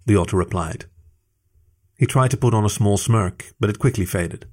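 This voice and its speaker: A man narrating a written story aloud in an expressive storytelling manner. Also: fairly low pitch, moderate pace. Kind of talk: scripted narration.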